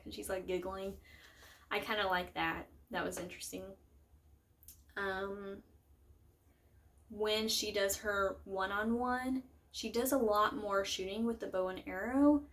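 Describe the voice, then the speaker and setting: Young woman, book vlogger, casual rambling chat, mid-pitched voice, fillers and restarts. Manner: rambling, lots of fillers and self-corrections.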